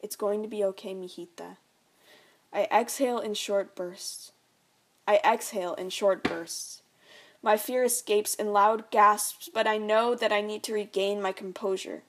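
A young woman reading her own memoir aloud in a quiet, reflective way. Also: medium pitch, fairly even intonation, unhurried.

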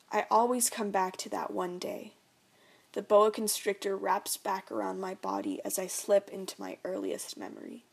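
A young woman reading her own memoir aloud in a quiet, reflective way. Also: medium pitch, vocal fry.

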